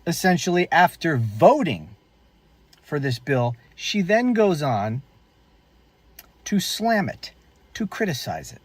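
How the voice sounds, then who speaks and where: A man hosting political commentary, his voice a touch higher than most and swinging widely as he mocks and fumes. He talks unhurriedly in a dry, close-sounding space. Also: no room sound. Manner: indignant and sarcastic, mocking.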